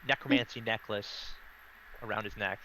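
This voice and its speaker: A man's voice: fairly low pitch, steady tone, normal speed, sharp tone, a little hiss or hum, poor audio. A man playing a tabletop game, talking in a casual, rambling way. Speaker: player.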